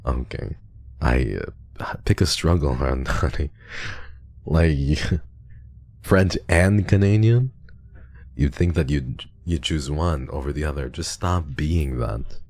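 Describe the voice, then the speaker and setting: Very deep, gravelly-voiced male streamer. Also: mellow, no echo. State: unwell. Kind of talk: casual livestream chat reading donations.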